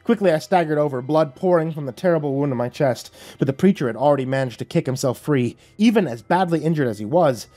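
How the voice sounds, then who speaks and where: A man reading a horror story aloud in a measured, dramatic storytelling voice. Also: a little high, expressive, dark tone. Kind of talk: scripted horror narration. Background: faint music.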